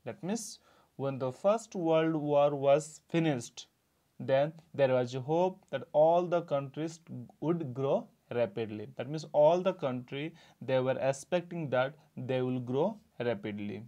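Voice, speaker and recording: A male teacher talks through a lesson at a middle pitch and a steady classroom pace. He reads a line, then says it again in simpler words. Short quiz questions keep coming back to check that the class follows. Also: slow, dull audio. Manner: repeats each sentence and quizzes with rhetorical questions. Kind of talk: classroom lecture explaining a textbook.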